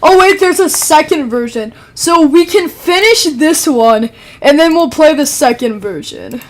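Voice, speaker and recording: A young woman streaming a game, excitable, shrieking and mock-crying when things go wrong, then muttering low to herself. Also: unhurried. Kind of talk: live gaming stream commentary. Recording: game music loud behind the voice.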